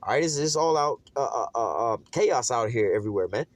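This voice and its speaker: Fast-talking streetwise man preaching. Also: mid-range voice, expressive, no echo. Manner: rambling, streetwise, peppered with "man" and "all right". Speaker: Bible teacher. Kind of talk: informal scripture study.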